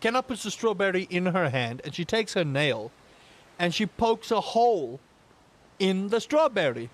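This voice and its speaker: A man streaming a game, telling rambling, animated stories with sudden loud outbursts. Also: high-pitched, moderate pace. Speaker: gaming streamer. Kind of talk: casual stream chat while playing.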